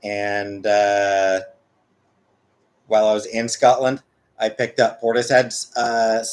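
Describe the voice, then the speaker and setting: A man's voice: on the low side, monotone, slow. A man in his forties from Canada, chatting casually with his viewers in a rambling, hesitant way that keeps correcting itself. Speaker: streamer reading chat. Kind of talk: casual chat.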